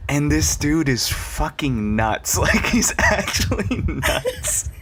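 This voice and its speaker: A young man hosting a podcast in casual chat, cursing freely, laughing often and jumping into high mocking voices. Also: big pitch swings, takes it slowly, a bit bright, a little hiss or hum. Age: young adult. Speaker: podcast host.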